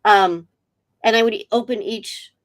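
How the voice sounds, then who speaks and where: A middle-aged woman, a guest in a casual interview, telling a story chattily with animated quotes. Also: fairly high pitch, unhurried. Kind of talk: casual video-call interview.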